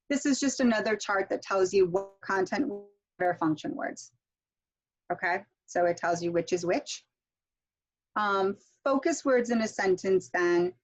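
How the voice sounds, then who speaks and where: A middle-aged woman teaching English pronunciation in an online workshop, explaining step by step and saying example words slowly with clear stress. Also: mid-range voice.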